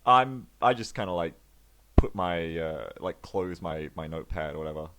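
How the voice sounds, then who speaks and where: A man's voice: deep voice, lively intonation, normal speed, noisy background. A man playing a tabletop game, describing his actions in a rambling, filler-heavy way. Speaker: player. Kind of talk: casual chat over a tabletop game.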